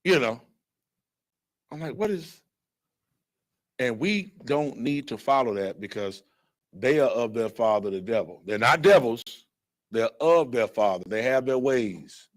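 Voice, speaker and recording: A man teaching a blunt, animated Bible lesson who acts out other people's voices as he goes. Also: medium pitch, a little slow, long pauses. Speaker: scripture teacher. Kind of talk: fiery street-style Bible lesson.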